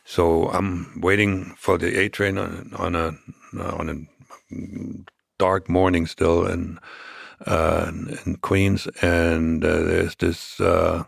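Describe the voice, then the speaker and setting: A man as a podcast guest, recounting past events in a measured, reflective way during a conversational interview. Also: deep voice, flat delivery, gravelly, no room sound, clean studio sound.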